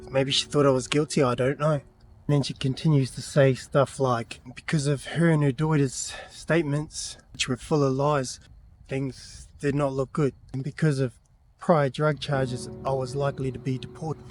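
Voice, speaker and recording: A man with a New Zealand accent telling his own story to camera in a plain-spoken, halting way, full of fillers and asides. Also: medium pitch, flat delivery, faint music behind. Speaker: vlogger.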